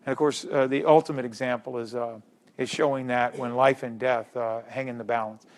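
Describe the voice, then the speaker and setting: A man's voice: medium pitch, fairly even intonation, fairly quick. A middle-aged man giving a public history lecture, stressing key words by repeating them and putting questions to his audience.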